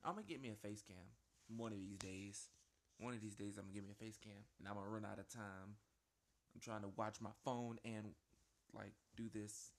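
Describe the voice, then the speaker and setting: A man giving live gameplay commentary at home, rambling and self-interrupting, jumping to squeaky panicked yelps and whiny pleading. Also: fairly even intonation, a little fast, slight background noise. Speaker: gaming video host. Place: at home with a small dog.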